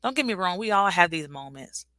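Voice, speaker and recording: A woman's voice: lowish voice, expressive, brisk, pushed and bright, no echo, rough recording. A talkative woman hosting a casual motivational livestream, answering viewer comments and laughing easily. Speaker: livestream host.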